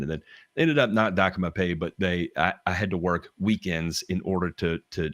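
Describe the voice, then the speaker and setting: Middle-aged Southern man, very deep, dry close mic, candid rambling storyteller. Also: a little fast, fairly bright tone, no room sound. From American South. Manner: rambling, frequent restarts and fillers, candid with swearing. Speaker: podcast guest telling work stories. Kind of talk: casual chat.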